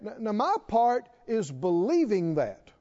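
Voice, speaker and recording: A man's voice: high voice, huge pitch swings, measured pace, mellow, muffled recording. A man preaching a sermon to a responding congregation, repeating questions and building to emphatic calls.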